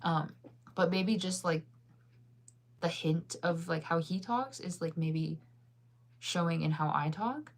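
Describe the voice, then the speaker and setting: A woman's voice: on the low side, slow, gravelly, pauses often. A woman in her thirties with a faint Midwestern American accent, chatting casually with viewers in a rambling way, full of fillers and laughter. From United States. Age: 30s. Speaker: streamer answering viewer chat. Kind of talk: casual chat.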